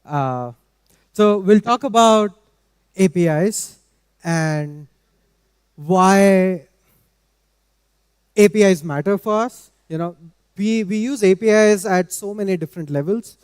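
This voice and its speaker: A man giving a technical talk at a conference in a measured, explanatory way. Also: high-pitched, clear, resonant tone, no echo, clean studio sound, in a large hall. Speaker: conference speaker. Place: large conference hall.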